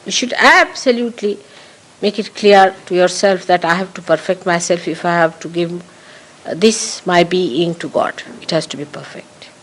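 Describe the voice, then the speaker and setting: A woman's voice: on the low side, moderate pace, a bit bright, rough recording. Emphatic woman giving a spiritual talk. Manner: emphatic, repeats key phrases for stress. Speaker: spiritual teacher. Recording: 1982 archive recording of a talk.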